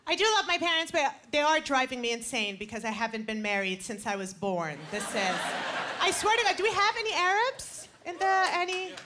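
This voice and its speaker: A woman's voice: sits high, brisk, noisy background. A woman in her twenties doing punchy, self-mocking stand-up comedy on a club stage. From Canada. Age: 20s. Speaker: stand-up comic. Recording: stage mic with roaring audience. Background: loud audience laughter.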